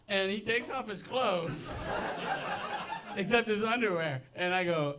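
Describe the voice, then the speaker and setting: A man's voice: high voice, lively intonation, normal speed, heavy background noise. A man doing stand-up, telling rambling stories with restarts and asides in front of a live audience. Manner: rambling, self-interrupting with restarts and laughs. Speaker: stand-up comedian. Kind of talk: stand-up storytelling. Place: live venue with laughing audience.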